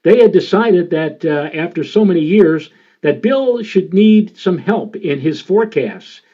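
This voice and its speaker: A man in his sixties from the New York area tells weather stories in a presentation. His voice sits a little high, and he rambles along with frequent filler sounds. The recording is dull and lo-fi. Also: expressive, measured pace, warm tone. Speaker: meteorologist giving a presentation. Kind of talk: storytelling presentation.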